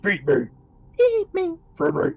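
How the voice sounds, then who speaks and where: A man voicing a hulking two-faced monster that begs for food in a soft voice and a deep voice. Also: wildly swooping pitch, measured pace, creaky, highs cut off, heavily acted. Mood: hungry.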